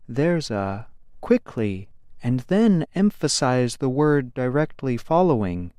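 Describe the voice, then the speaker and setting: A man narrating a scripted grammar lesson in a slow, careful, explanatory way. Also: mid-range voice, darkish tone, smooth, no room sound, studio quality.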